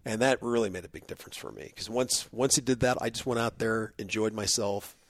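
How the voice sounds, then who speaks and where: A man in casual chat with a co-host, telling a story with lively acted-out quotes and plenty of fillers. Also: fairly low pitch, a little fast, dry recording. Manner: animated storyteller, acts out quotes.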